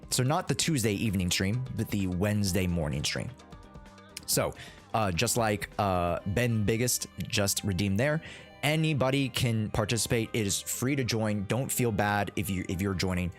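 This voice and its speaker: Rambling male streamer with lively pitch. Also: normal speed, faint music behind. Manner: rambling, filler-heavy, playful. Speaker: streamer and host. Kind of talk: casual livestream chat.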